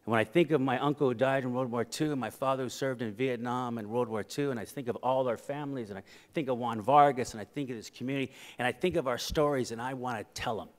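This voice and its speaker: A man's voice: medium pitch, fast, few pauses. A middle-aged man giving a humorous keynote speech at a conference, telling personal stories and acting out quoted voices. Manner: animated, acts out quoted voices for laughs. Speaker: keynote speaker. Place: conference hall. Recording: reverberant hall.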